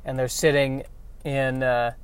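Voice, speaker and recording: A man's voice: mid-range voice, little pitch movement, measured pace, smooth. A man riffing in a meandering, wry comic monologue while driving. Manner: meandering, self-interrupting, wry. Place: inside a car while driving.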